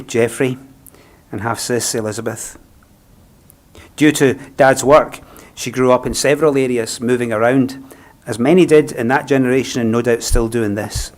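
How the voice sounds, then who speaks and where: Gentle Scottish man giving a eulogy. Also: medium pitch. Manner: gentle, reflective, unhurried phrasing. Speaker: funeral celebrant. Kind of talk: funeral eulogy.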